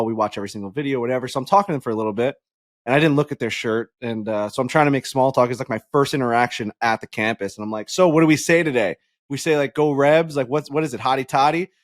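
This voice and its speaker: A young man co-hosting a podcast in casual chat, telling lively stories, swearing freely and acting out roars. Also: medium pitch. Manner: animated storyteller, swears, acts out barking roars. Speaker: podcast co-host.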